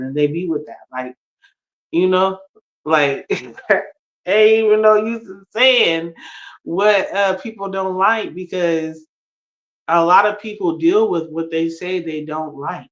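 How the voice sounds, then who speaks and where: Rambling high-voiced male co-host. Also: takes it slowly, fairly bright tone, muffled recording. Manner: rambling, loose, many fillers. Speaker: podcast co-host. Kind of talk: casual live-stream chat.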